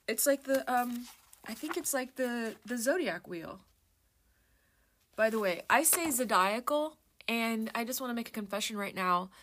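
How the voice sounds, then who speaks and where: A chatty woman talking to her viewers in an easy, rambling way, breaking off mid-thought and starting over. She drifts into a soft murmur while she reads lists aloud from a book. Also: medium pitch, slight background noise. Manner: rambling, self-interrupting, chatty. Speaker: vlogger. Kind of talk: casual chat while browsing a book.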